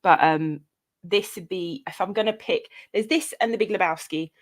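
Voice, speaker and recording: A woman chatting as a guest, animated and quick to laugh, often acting out scenes she describes. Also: on the low side. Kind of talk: casual chat.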